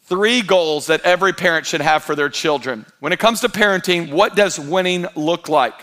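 A man, preaching a sermon and telling lively stories with acted-out quotes. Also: a little high, moderate pace. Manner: animated storytelling with quoted voices. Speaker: pastor.

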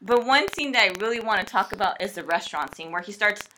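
A woman's voice: medium pitch, lively intonation, quick pace, pushed and bright, slight background noise, rough recording. A young woman co-hosting a podcast, chatting casually and enthusiastically with lots of fillers. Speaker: podcast co-host. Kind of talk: casual chat.

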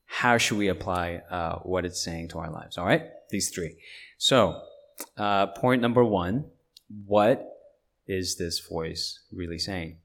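A man preaching a sermon as pastor, earnest and emphatic, with pauses and fillers between points. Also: low-pitched, gravelly, a bit bright.

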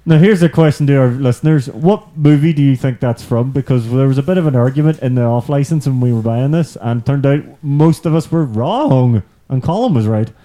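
A man's voice: mid-range voice, fairly quick, few pauses, warm tone. A man hosting a podcast in casual chat at home, rambling and laughing a lot. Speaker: podcast host. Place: indoor room, apartment.

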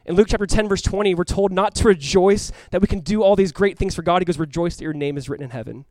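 Male pastor, high-ish voice, rapid animated sermon delivery, plays out the characters' lines, dry close-miked sound. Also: dry recording. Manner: animated, acts out voices of the crowd and the blind man; swings from loud cries to hushed earnest tones.

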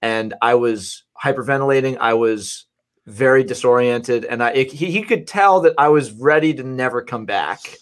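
A man's voice: mid-range voice, normal speed. A man in casual chat, telling a story in an earnest, reflective way.

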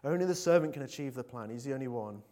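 Male preacher, mid-pitched, casual sermon delivery with ums, rising to fervent calls to the congregation. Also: animated, fast talker, mellow. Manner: earnest, hesitant with many fillers, builds to emphatic appeals. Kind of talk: conversational sermon.

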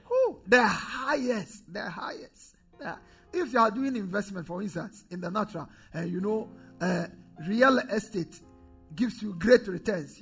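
Man preaching, high lively raspy voice. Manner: preaching with call-and-response to the congregation; dramatic swings from loud declarations to low quiet asides. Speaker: pastor. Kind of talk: sermon.

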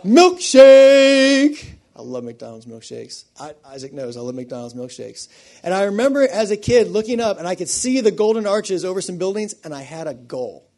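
Man, pastor, sermon, slightly high-pitched, impassioned, hushed to booming. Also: brisk. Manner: impassioned, building from hushed to loud.

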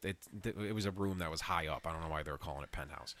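A man's voice: very deep voice, racing. A man telling a story in casual podcast chat, swearing freely and filling with "like". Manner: profane, animated storytelling with frequent "like".

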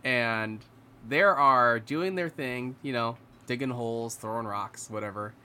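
A man telling a ghost story to friends in a casual chat, acting out the characters' lines and dropping to a hushed voice at tense moments. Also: medium pitch, measured pace, clean tone.

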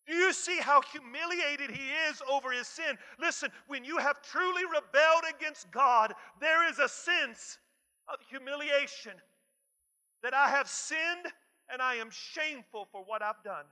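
Preacher man, very high and piercing, emphatic and repetitive, big hall reverb. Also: measured pace. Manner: emphatic, repeats phrases, swings from soft to shouting. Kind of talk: sermon.

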